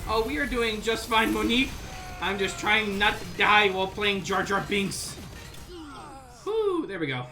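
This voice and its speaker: A man streaming a video game, giving excitable casual commentary and chatting with his viewers. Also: high voice, unhurried, over music. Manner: excitable, talks to chat viewers.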